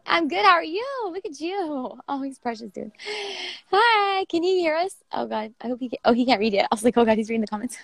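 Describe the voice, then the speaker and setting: A woman's voice: high-pitched, animated, a little fast, creaky, a bit bright, no echo, clean studio sound. A woman co-hosting a casual chat, laughing often and swearing freely. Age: adult with a young son. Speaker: co-host of a poetry show.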